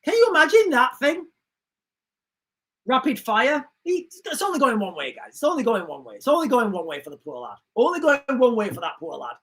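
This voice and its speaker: A man's voice: very high-pitched, a little fast. Rambling man hosting a livestream. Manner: rambling, restarts often, animated asides. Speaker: livestream host. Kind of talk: casual livestream chat reading comments.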